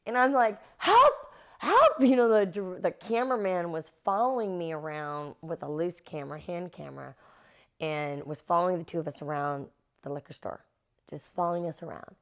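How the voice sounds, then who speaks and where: A middle-aged actress being interviewed, animatedly telling stories and acting out the quotes. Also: female voice, sits low, brisk, gravelly. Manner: animated, acts out quotes with laughs. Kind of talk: anecdotal interview storytelling.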